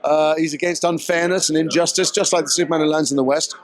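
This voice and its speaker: A man's voice: on the high side, fairly even intonation, fast talker. A man being interviewed as an actor at a red carpet premiere, explaining his work in a thoughtful, articulate way.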